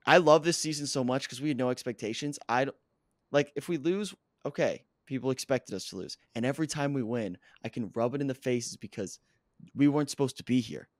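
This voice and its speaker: A hoarse man who has lost his voice, co-hosting a casual podcast and bragging excitedly about his football team. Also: mid-range voice, fairly quick, no echo, clean studio sound. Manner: excitable, boastful sports fan. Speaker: podcast co-host; coach. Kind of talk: casual sports chat.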